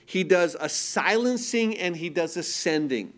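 A man preaching from the pulpit, his voice pitched somewhat high. He drives his points home with emphasis, then drops to a hushed, tender tone, and he often repeats a word as he restarts a thought. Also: expressive, a little slow. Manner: repeats words when restarting. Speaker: pastor. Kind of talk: sermon.

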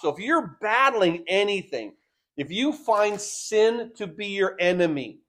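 A high-voiced man preaches, his delivery alternating between loud, emphatic lines and quiet, slowly drawn phrases. Repetition of words is a frequent tool as he builds his case.

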